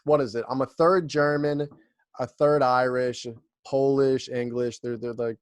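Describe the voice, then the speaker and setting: A young man hosts a podcast in a loose, laughing, swear-filled chat. His voice sits at an ordinary middle pitch, recorded close and dry with no room sound. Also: fairly even intonation, unhurried, smooth, dry recording. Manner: laid-back, profane, laughs often. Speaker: podcast host. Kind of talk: casual chat.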